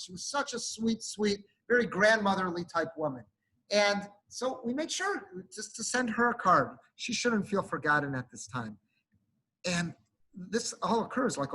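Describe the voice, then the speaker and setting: A man, a rabbi, giving an earnest sermon to his congregation, often building to emphatic, animated peaks. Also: high-pitched, husky, poor audio. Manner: speaks to a congregation while showing a card.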